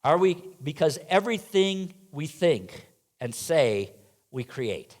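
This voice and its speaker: High-voiced man giving a sermon. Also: very animated, takes it slowly. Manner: rhetorical questions, playful asides to the congregation. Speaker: minister. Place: church sanctuary.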